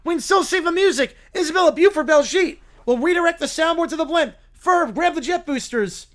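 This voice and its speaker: A man voicing an eager, excited cartoon boy inventor. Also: extremely high pitch, quick pace, gravelly, full character voice.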